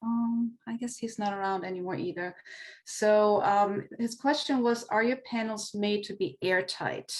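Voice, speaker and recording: A woman's voice: medium pitch, measured pace. German-accented woman moderating a Q&A. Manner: hesitant, many fillers and restarts. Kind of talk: webinar Q&A moderating.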